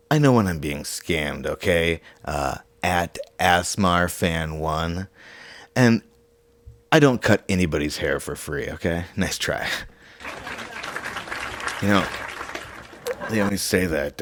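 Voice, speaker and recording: A young man hosting a comedy show, talking quietly in a deadpan way because he is sick with a sore throat, close to the microphone. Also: extremely low pitch. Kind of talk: hushed comedic monologue.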